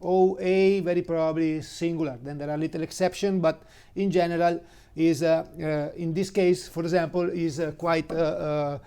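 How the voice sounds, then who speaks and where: A man with an Italian accent, a native Italian speaker giving an informal language lesson, halting with many fillers and spelling words out letter by letter. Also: on the high side, fairly even intonation, warm tone, clear, resonant tone. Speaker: Italian teacher.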